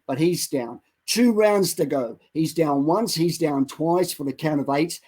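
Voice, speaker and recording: A man's voice: fairly high pitch, measured pace, slightly rough, rough recording. Fervent storytelling man preacher. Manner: dramatic retelling that builds to loud exhortation. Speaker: co-host of a Christian online show.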